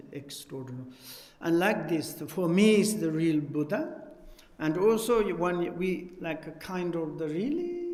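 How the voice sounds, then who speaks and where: A man giving a Buddhist teaching in halting, English, searching for words as he goes. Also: on the high side, a little mellow. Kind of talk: dharma teaching talk. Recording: echoey hall.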